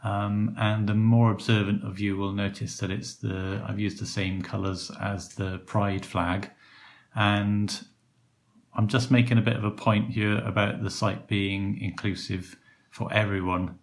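A man with a low, gravelly voice hosts a podcast. He chats in a relaxed, rambling way and fills pauses with ums. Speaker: podcast host. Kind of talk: casual podcast chat.

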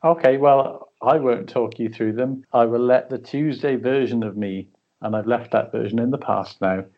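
A man's voice: mid-range voice, moderate pace, muffled recording. A man co-hosting a podcast in casual, jokey chat with frequent fillers. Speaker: podcast co-host.

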